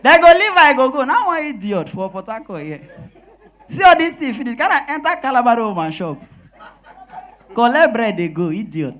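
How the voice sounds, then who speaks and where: Animated Nigerian stand-up comedian. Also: male voice, very high voice, normal speed. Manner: animated, switches into voices for characters. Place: live comedy show stage.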